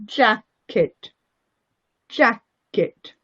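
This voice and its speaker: An English teacher leads a phonics lesson for young learners, speaking slowly in a sing-song way and encouraging and praising them often. Her voice is on the high side, expressive, sharp, and slightly rough, and the lo-fi recording sounds muffled.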